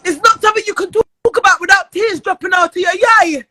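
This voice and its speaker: A woman pours out a furious, swearing livestream rant in a very high, bright, sharp voice. She shouts often and sounds close to tears. The sound is dry and close, with no room echo. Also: fast. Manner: angry, loud and profane, often near tears. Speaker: live streamer.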